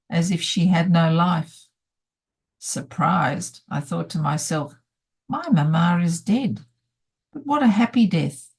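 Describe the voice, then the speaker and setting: A woman reads devotional excerpts aloud in a steady, solemn way. Her voice is warm and mellow and sits somewhat low. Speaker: reader. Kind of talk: devotional scripture reading.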